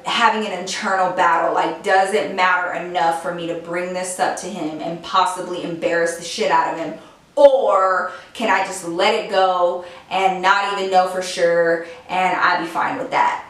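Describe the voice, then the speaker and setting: A woman's voice: on the low side, steady tone, moderate pace, fairly bright tone. A woman telling a story to camera in a casual, chatty way, full of "like" and the odd swear word. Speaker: beauty and storytime vlogger. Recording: very echoey room, distant mic.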